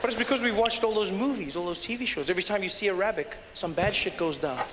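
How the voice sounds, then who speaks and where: Higher-voiced male stand-up comedian, live hall. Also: fast, a little hiss or hum. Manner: animated storytelling, slipping into accent impressions. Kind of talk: stand-up performance. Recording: reverberant live venue with crowd ambience.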